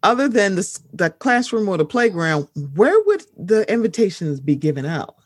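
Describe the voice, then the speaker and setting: Animated, lively woman hosting a podcast. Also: medium pitch, moderate pace, husky, no echo, clean studio sound. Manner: animated, blunt and profane, reads out news items. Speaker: podcast host. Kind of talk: casual chat.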